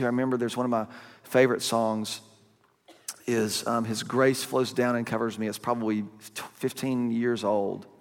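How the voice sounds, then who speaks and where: A man preaching a sermon in a conversational, animated way, breaking into sudden loud bursts. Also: mid-range voice. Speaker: pastor. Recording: long hall reverb.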